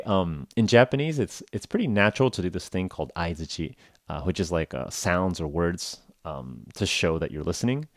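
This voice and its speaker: A man's voice: low-pitched, normal speed, no room sound, clean studio sound. A man hosting a podcast, telling a story casually and acting out the dialogue with laughs. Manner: animated, acts out dialogue with laughs. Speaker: podcast host. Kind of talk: casual storytelling for English learners.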